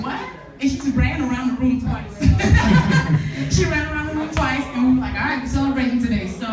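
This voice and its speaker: A woman guest on a live podcast tells her stories with animated energy, acting out what others said and laughing along. She sits in a very echoey venue, heard from some distance from the mic, with music behind her. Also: medium pitch. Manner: animated, acts out quotes with laughter. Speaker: guest author. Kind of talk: live podcast interview storytelling. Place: live podcast event before an audience.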